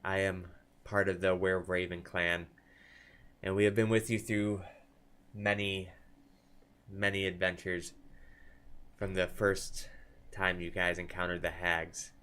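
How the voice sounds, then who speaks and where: A man's voice: low voice, little pitch movement, slow, pauses often, a bit bright, clean tone. A man voicing a smug female wereraven spy in a tabletop game.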